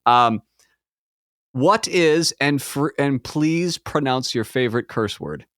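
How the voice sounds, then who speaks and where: A Midwestern man hosting a podcast interview, playful and jokey, often acting out little quotes. His pitch moves a lot and stays lively. The sound is dry and close. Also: slow pace, no room sound. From American Midwest. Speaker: podcast host. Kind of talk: casual interview chat.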